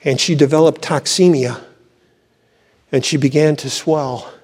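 An older male pastor preaches with fervor, breaking into cries of praise between stories. His voice sits a little high for a man. It rings out with a long reverb tail through the church. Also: fairly even intonation, measured pace, a little mellow, breathy edge. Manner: fervent preaching with exclamations of praise. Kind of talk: sermon.

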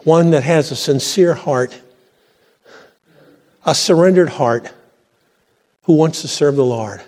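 A pastor preaching a sermon to his church, fervent and swelling to high exclamations. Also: slow, darkish tone. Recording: long reverb from a church hall.

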